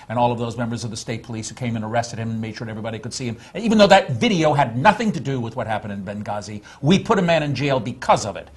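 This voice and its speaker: A man's voice: mid-range voice, darkish tone, breathy edge. A man speaking as a panel guest, passionate and full of fillers in casual talk.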